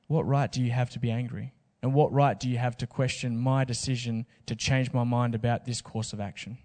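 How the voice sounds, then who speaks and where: A man preaching a sermon. He talks casually and jokes with slang asides, in a voice of ordinary pitch for a man. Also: fairly even intonation, fairly quick, a little mellow, in a large hall. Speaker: pastor.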